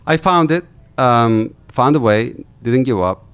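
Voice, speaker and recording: A middle-aged man from Turkey, an animated storyteller who repeats words as he recounts his company's start in an interview. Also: medium pitch, unhurried, clear, resonant tone. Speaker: company founder guest.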